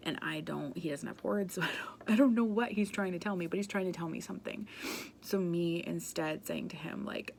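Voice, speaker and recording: A woman's voice: fairly low pitch, brisk, creaky, darkish tone, slight background noise. A woman giving an earnest, passionate talk about emotional wellbeing, speaking conversationally with frequent "um" and "like" fillers.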